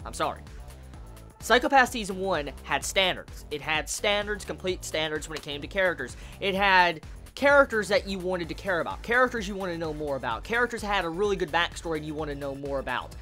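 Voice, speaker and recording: Exasperated, cursing woman with a lively voice. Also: lowish voice, brisk, soft background music. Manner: profane, exasperated, stumbles and repeats words. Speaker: anime reviewer. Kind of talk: ranting episode review.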